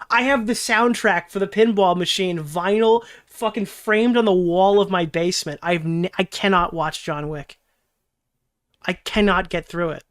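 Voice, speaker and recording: This young man's voice is high and fairly bright, moving at a moderate pace. He's a streamer and commentary host on a casual livestream, rambling and cursing while he responds to chat, laughing a lot and breaking into mocking impressions.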